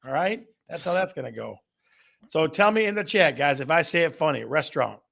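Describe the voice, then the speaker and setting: A man's voice: on the high side, animated, a little fast, vocal fry, fairly bright tone. A man hosting a casual live-stream chat, playful and teasing as he banters with viewers. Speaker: host.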